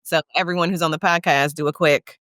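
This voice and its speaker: A woman's voice: low-pitched, fairly even intonation, quick pace, a bit bright, no room sound, clean studio sound. A woman therapist guesting on a podcast, talking in an emphatic, colloquial way and repeating her key lines like a pep talk. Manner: colloquial, calls listeners y'all and sis. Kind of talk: podcast conversation.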